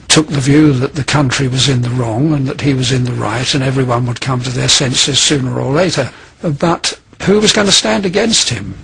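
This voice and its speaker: A man with a gravelly, deeply husky voice recounts political history. He speaks slowly and deliberately, with many pauses and fillers. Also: low-quality recording.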